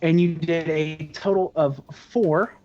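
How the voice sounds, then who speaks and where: A game master narrates and explains dice results in a relaxed manner, pausing often with fillers. The pitch sits in a middle range. The recording sounds dull and lo-fi. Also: slight background noise. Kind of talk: running a tabletop game.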